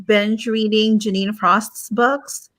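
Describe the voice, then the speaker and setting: Woman, mid pitch, laid-back, hesitant, lots of ums. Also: fairly even intonation, slow, fairly bright tone, soft background music. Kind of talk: casual group chat.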